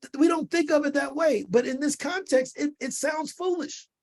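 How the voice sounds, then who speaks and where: A man from the United States, a podcast guest, telling a lively story in casual slang and acting out bits of dialogue. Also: very high voice, normal speed. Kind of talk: animated storytelling in an interview.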